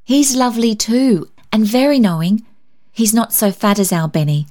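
Female reader as a proud, eager little girl, storybook; gentle, hesitant. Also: fairly high pitch, moderate pace, pitched above the performer's own voice, lightly acted. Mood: earnest. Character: earnest poor young girl, proud of her baby brother. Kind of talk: storybook reading.

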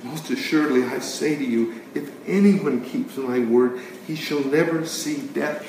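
A man preaching a sermon with emphatic delivery, swinging between loud declarations and hushed words. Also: a little high, measured pace, hardly any pauses. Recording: very echoey room, distant mic, faint noise.

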